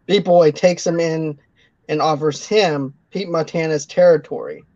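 A podcast co-host walks through a film's plot in relaxed conversation, pausing and restarting now and then. The audio is dull and lo-fi with a dry, close sound. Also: mid-range voice, dry recording. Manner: recapping plot with frequent restarts. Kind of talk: casual film recap and chat.

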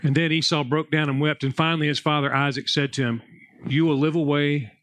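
Speaking a little fast in a slightly high voice, a pastor preaches in an easygoing, conversational way. He tells Bible stories and family anecdotes with animated energy, raising his voice in the anecdotes.

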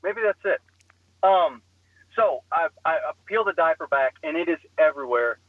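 A young man on a podcast telling a comic story in an animated way, acting out the voices. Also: a little high, normal speed, no echo, narrow, tinny audio.

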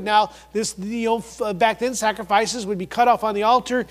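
High-voiced preacher in an echoing hall. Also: male voice, steady tone, normal speed, hardly any pauses. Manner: emphatic, repeats words for emphasis, swings between loud and hushed. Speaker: pastor. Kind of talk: sermon.

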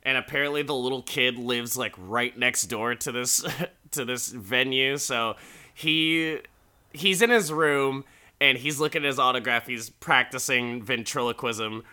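A man casually recaps an episode with crude jokes and frequent laughter. His voice is bright and sharp, at a middling pitch. He rambles in a loose, conversational way. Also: unhurried, clean tone. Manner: chatty, laughing, crude asides. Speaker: podcast host recapping an episode.

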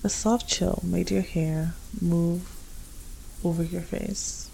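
Low gravelly woman reading fanfic. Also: fairly even intonation, takes it slowly, mellow, slight background noise, poor audio. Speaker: fanfic reader. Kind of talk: second-person fanfic narration.

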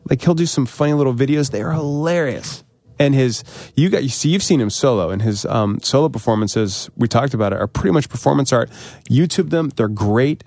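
A man hosting a podcast, telling a story excitedly and thanking the people who helped. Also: medium pitch, fairly quick, few pauses, dry recording. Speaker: podcast host. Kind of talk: casual chat.

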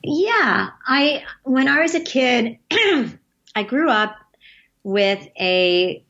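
A woman's voice: fairly high pitch, animated, very slow, a bit bright, dull audio. A woman in her late fifties, a guest in an interview, telling rambling stories and laughing often. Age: 50s. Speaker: guest, advertising creative. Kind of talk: casual interview storytelling.

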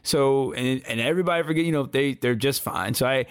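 A man co-hosting a wrestling podcast, chatting casually with animated, slangy talk and frequent stammered restarts. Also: mid-range voice, fairly quick, clear, resonant tone, no echo, studio quality. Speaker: podcast co-host.

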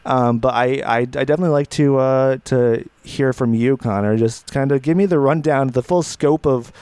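Young male podcast co-host, smooth resonant voice, halting and deliberate, dry close mic. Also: medium pitch, a little mellow, dry recording. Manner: halting, many restarts, slow deliberate phrasing. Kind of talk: casual podcast chat.

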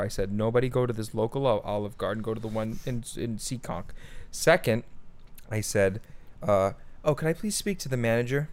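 A man's voice: lowish voice, clean tone. A young man co-hosting a comedy podcast, telling a mock-outraged story with heavy swearing and over-the-top indignation. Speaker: podcast co-host. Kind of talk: satirical comedy podcast banter.

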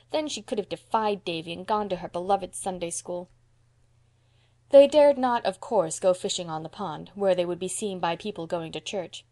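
A woman reading a classic novel aloud as an audiobook narrator, measured and expressive. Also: medium pitch. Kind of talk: scripted storybook narration.

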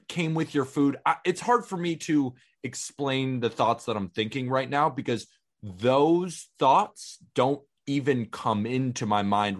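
A young man co-hosting a casual sports podcast, talking in a blunt, emphatic way. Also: medium pitch. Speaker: podcast co-host. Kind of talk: casual chat.

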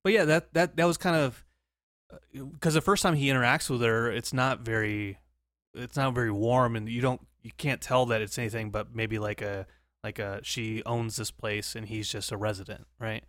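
Podcast guy telling a story, excited, trips over his words, dry close sound. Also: medium pitch, normal speed, no room sound. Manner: animated storyteller, repeats words when excited. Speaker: podcast co-host. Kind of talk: casual chat.

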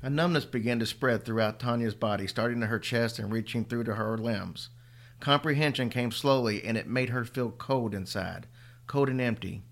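A man's voice: mid-range voice, moderate pace. Man reading a horror story. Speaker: podcast host and story reader.

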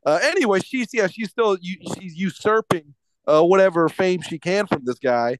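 A man's voice: sits high, lively intonation, normal speed. A man co-hosting a podcast, ranting profanely in casual chat with lots of stumbling restarts. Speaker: podcast co-host.

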